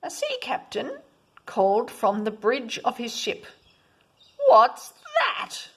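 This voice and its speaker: A woman reading a children's picture book aloud, expressive, at times dropping to a whisper. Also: on the high side, a little slow, husky. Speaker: storyteller.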